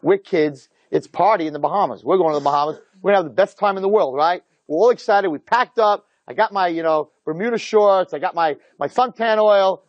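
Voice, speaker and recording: A rabbi telling a personal story to an audience, with animated and emphatic delivery. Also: male voice, high-pitched, fairly quick, hardly any pauses, no echo, dull audio. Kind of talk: storytelling talk.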